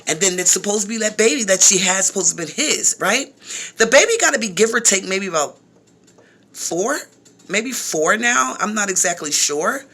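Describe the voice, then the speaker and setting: Woman vlogger, bright voice, animated, talks straight to viewers and repeats herself. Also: mid-range voice, moderate pace, husky. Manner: animated, repeats phrases, frequent asides to viewers. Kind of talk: casual storytelling vlog.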